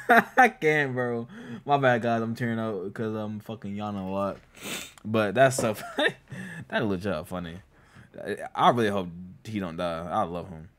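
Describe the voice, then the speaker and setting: A young man hosting a casual movie reaction, excitable and slangy, laughing and swearing as he talks to viewers. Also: fairly low pitch, normal speed. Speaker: reaction host.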